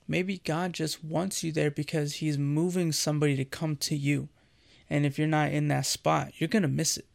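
A man's voice: on the high side, fairly even intonation, unhurried, creaky. A man giving an earnest, conversational sermon as a devotional host, speaking directly to the listener.

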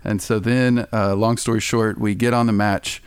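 A man's voice: fairly low pitch, moderate pace, clear, resonant tone, dry recording. A young man, a podcast guest, telling a story in casual chat, laughing often and acting out the voices of people in it. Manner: animated, laughing, acts out quoted voices.

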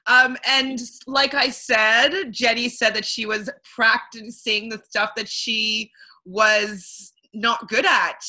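A bright, clear-toned young woman from Canada chatting casually as a podcast co-host. She talks loosely and rambles with plenty of ums and likes, laughing easily. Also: fairly high pitch, steady tone, takes it slowly. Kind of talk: casual chat recapping a reality show.

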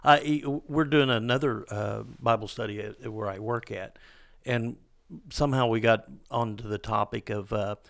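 A middle-aged father co-hosting a casual devotional chat, talking in a halting way with lots of fillers and self-deprecating asides. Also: fairly low pitch, fairly even intonation, creaky, no room sound. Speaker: podcast co-host.

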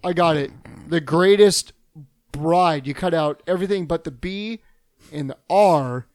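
A high-voiced man riffing through casual comedy banter, rambling as he works out jokes. He laughs often between lines. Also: measured pace, no echo. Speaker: podcast co-host.

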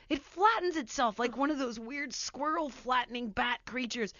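A woman hosting a podcast, telling a story in casual chat, animated and acting out quotes loudly. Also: high-pitched, a little fast, few pauses, no room sound, dull audio. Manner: animated, breaks into laughter, acts out quotes loudly. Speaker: podcast host.

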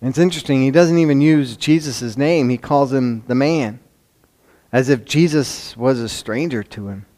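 A man with a Chicago accent preaching a sermon, swinging from loud emphasis to hushed lines, with conversational asides and rhetorical questions. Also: mid-range voice, moderate pace. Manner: dramatic swings between loud emphasis and hushed near-whispers. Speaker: pastor.

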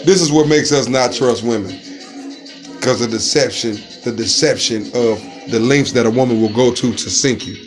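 A man telling stories in a casual chat, loud and animated, acting out the voices of the people in them. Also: medium pitch, normal speed, faint music behind. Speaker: storyteller in a casual conversation.

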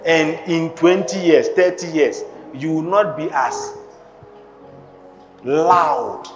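Preacher guy, kinda high voice, pushy questions, big reverb church hall, music going. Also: takes it slowly. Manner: emphatic, repeated pointed questions. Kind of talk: sermon.

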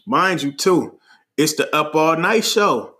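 Animated Bay Area man, slightly high voice. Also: slow. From Oakland, California. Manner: animated, slangy, laughs often while telling the story. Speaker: podcast host. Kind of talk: casual storytelling.

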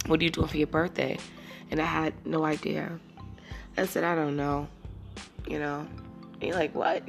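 Low gravelly woman in her thirties. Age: 30s. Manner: rambling, candid, drifting into emotion. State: teary, emotional. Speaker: podcast host. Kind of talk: casual solo podcast monologue.

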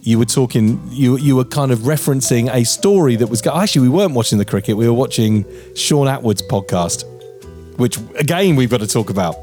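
A man in his forties co-hosting a podcast, telling a story in animated, mock-outraged casual chat and swearing freely. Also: medium pitch, a little fast, faint music behind. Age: 40s. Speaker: podcast co-host.

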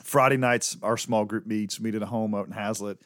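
A man's voice: on the low side, steady tone, fairly quick, a bit bright, no room sound, clean studio sound. A man co-hosting a church podcast as a pastor, talking in an easygoing, teasing way. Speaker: pastor and co-host. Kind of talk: casual podcast chat.

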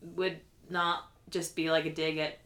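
A woman's voice: deep voice, flat delivery, unhurried, crowd noise. A young adult woman co-hosting a podcast, chatting wryly and laughing often as she recaps a reality show. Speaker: podcast co-host. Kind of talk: casual recap chat. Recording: echoey room.

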